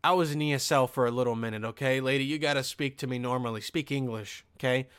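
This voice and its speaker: A man's voice: medium pitch, fast talker, a bit bright, clear, resonant tone, dry recording. Rambling, profane young man on a podcast. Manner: frequent restarts and "okay?" asides. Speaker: podcast host. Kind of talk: casual podcast rant.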